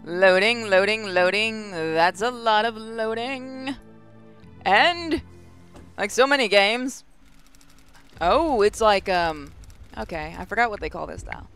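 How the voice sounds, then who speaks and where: A man with a high, bright voice hosts a casual let's-play video. He chats and reacts aloud as he plays, with a smooth, crisp tone into a desk microphone. His talk is loose and chatty. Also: takes it slowly, pauses often, faint music behind. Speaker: gaming video host.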